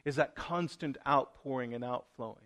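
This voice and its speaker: A man's voice: mid-range voice, moderate pace, a bit bright. A man preaching a sermon to his congregation, earnest and plain-spoken as he urges them on. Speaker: pastor. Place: church room with congregation.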